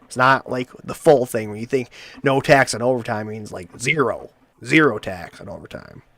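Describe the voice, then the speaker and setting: A man's voice: mid-range voice, moderate pace, vocal fry, a bit bright, no room sound. Rambling, cursing male talk-show host. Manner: rambling, swearing, restarts often. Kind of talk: casual chat.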